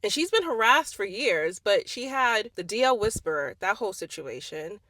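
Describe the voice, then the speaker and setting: A woman's voice: mid-range voice, sing-song, normal speed, bright, forceful tone, no echo. A young woman giving a heated, blunt and profane commentary monologue, firing off rhetorical questions. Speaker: commentary vlogger. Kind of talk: impassioned social commentary monologue.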